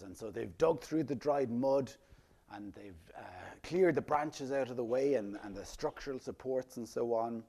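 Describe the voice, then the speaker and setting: A man delivers a sermon in a husky, mellow voice. His pitch rises and falls widely as he asks his listeners rhetorical questions. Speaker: pastor.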